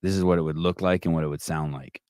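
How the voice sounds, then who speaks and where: A man's voice: very deep voice, fairly even intonation, fast talker, darkish tone, dry recording, clean studio sound. A middle-aged man hosting a live call-in podcast, brash, mocking and profane in casual chat. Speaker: podcast host.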